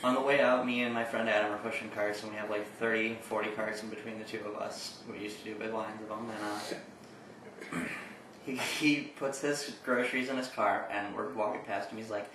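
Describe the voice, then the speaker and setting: A young man co-hosting a casual chat, telling stories in a relaxed, dry, profane way. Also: lowish voice, brisk. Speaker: co-host. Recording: echoey room, distant mic, faint noise.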